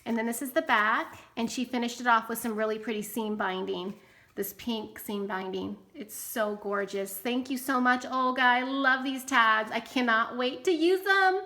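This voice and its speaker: A woman's voice: on the high side, normal speed, pushed and bright. A woman crafter chatting casually as she opens mail, gushing with delighted exclamations. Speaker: crafting YouTuber opening happy mail. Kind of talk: casual unboxing chat.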